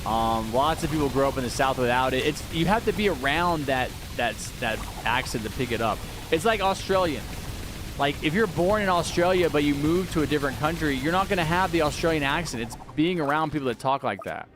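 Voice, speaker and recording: A man's voice: fairly high pitch, expressive, fairly quick, background noise. A man live-streaming a game, chatting casually and answering viewers' messages aloud.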